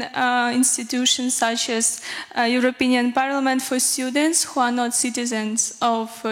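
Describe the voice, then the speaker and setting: A young woman asks her question carefully, with pauses. Her voice is high and keeps an even, level tone. A long hall reverb surrounds her. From Ukraine. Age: young adult. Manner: careful, hesitant. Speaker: student asking a question.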